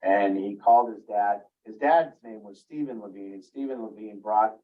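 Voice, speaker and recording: A man's voice: normal speed, far from the mic, narrow, tinny audio. A man giving a teaching talk to parents about relationships, speaking earnestly and acting out what a parent might say. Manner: earnest, acts out parents' inner voices in a raised pitch. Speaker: family recovery coach.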